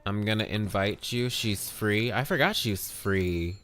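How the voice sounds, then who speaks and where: A man's voice: fairly low pitch, measured pace, a bit bright. A man streaming a video game live, chatting casually and upbeat, greeting viewers by name and swearing now and then.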